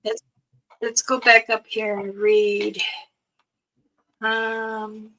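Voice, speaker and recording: Very slow and flat in delivery, a woman with a fairly high pitch and a bright, forceful tone hosts a relaxed livestream. She talks about a trip, laughs frequently, and reads comments from viewers aloud, all captured poorly through her streaming setup.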